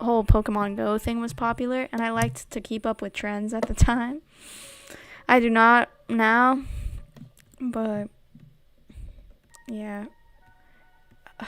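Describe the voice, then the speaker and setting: A woman chatting casually and giggling as she answers viewer questions on a stream. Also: on the high side. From United States. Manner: giggly, chatty, reads chat questions aloud. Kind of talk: casual chat. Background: quiet background game music.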